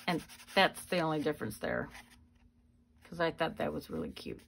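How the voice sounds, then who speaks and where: A woman hosting a craft channel, giving a chatty, unhurried show-and-tell of her handmade cards. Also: low voice, wildly swooping pitch, creaky, fairly bright tone, slight background noise. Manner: chatty, unhurried walk-through. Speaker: card-making channel host.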